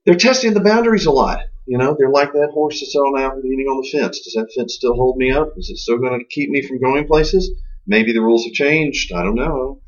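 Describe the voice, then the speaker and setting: A man's voice: mid-range voice, husky. A man with a mid-range voice that swings up and down as he tells his stories. He talks with wry humor, and the recording sounds a bit dull and lo-fi. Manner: expressive storyteller, wry humor. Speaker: co-host, Christian homeschooling parent. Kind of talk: conversational podcast talk.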